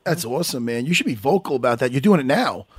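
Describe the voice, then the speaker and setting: A man's voice: mid-range voice, expressive, fast talker, breathy edge, no echo, clean studio sound. A man co-hosting a radio show, bantering and joking with the guest. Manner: joking, laughing often. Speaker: radio co-host.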